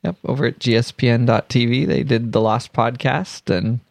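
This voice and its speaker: A man's voice: mid-range voice, fairly even intonation, moderate pace, creaky, darkish tone, no echo. Agreeable male podcast co-host. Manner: chimes in briefly, agreeable. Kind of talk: casual podcast chat.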